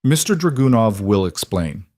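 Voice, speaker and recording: A man's voice: lowish voice, normal speed, no room sound, studio quality. Man putting on a cold Eastern European enforcer. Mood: coldly polite. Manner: broken English, calm and menacing. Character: cold courteous male mob enforcer, tall.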